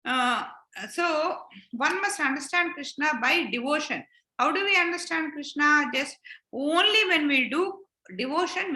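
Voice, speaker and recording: Woman teaching children scripture; bright, high, explains by asking questions. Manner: explanatory, repetitive rhetorical questions. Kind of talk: spiritual lesson. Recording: roomy echo.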